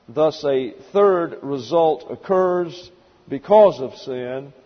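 Husky-voiced man teaching from the pulpit. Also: on the high side, big-room sound, lo-fi sound. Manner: methodical, numbered points, dry asides. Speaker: pastor. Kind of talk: expository Bible teaching.

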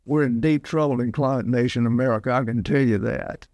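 A man's voice: mid-range voice, brisk, darkish tone, no echo. A man in his eighties from Alabama, preaching a sermon in a folksy, rambling way. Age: 80s. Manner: folksy, digressive storytelling. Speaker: pastor.

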